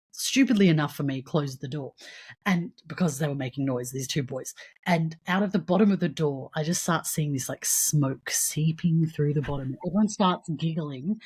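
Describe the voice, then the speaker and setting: A woman's voice: low-pitched, husky. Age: 30s. Sex: woman. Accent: Australian. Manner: animated, swears casually. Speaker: guest teacher. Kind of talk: casual storytelling.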